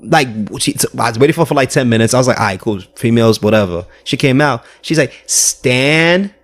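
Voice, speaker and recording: A New man guesting on a casual podcast, talking at a quick clip. He rambles through his story, acting out what each person said. His pitch sits in an ordinary middle range. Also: lively intonation. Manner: rambling storyteller, quotes people in his own voice.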